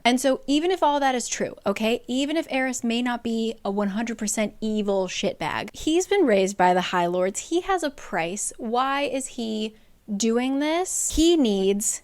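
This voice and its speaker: A woman giving a casual, chatty book recap with a sarcastic edge. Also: fairly high pitch.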